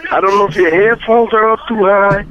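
A man on a phone call who calmly and firmly insists, repeating himself. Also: sits high, fairly quick. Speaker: customer on a call. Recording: muffled phone line.

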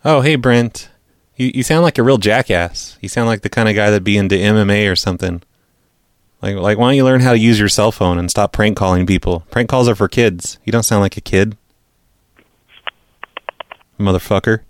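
A man's voice: lowish voice, moderate pace, no echo. A man hosting a prank-call podcast, chatting casually in a dry, sarcastic way. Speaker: podcast host.

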